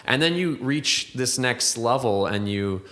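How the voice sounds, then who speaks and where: A man's voice: medium pitch, expressive, measured pace, sharp tone. A man who works as a whiskey distiller and blender, talking in a podcast interview in a thoughtful, rambling way, with many restarts and fillers and a reflective, poetic turn.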